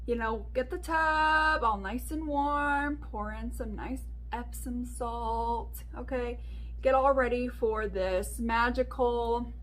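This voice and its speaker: A woman's voice: on the high side, fairly bright tone. A woman in her thirties telling a story to her viewers in a casual, chatty vlog, full of fillers and asides. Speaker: beauty vlogger.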